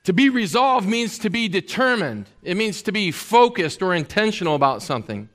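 A man's voice: high-pitched, sing-song, normal speed, a bit bright. A man preaching a sermon as a pastor, in a conversational way with many fillers.

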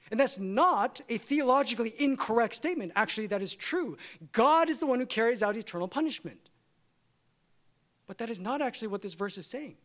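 A man's voice: high voice, a bit bright. A male pastor preaching a sermon in a church, emphatic and rhythmic, rising and dropping his voice for weight.

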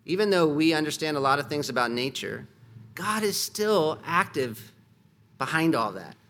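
A man's voice: medium pitch, a bit bright. A man preaching a sermon in an earnest, conversational way, asking the listeners rhetorical questions. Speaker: pastor.

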